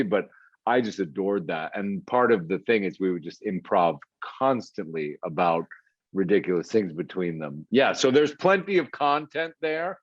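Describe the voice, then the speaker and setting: A man being interviewed as an actor, laughing often and poking fun at himself in a relaxed, jokey way. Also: low voice, no echo. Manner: laughing, self-mocking, jokey. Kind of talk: casual interview chat. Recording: muffled lo-fi sound.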